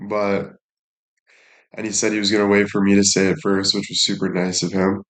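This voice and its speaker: A young man talks to his live-stream viewers in a fairly low, easygoing voice. He teases and jokes crudely, swearing freely as he chats and thanks people. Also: flat delivery, brisk, a bit bright. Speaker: livestreamer. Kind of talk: casual live-stream chat.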